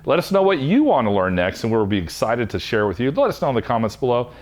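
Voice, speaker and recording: A man, a craft instructor, talking through an epoxy resin demonstration step by step in a relaxed way. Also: mid-range voice, fast.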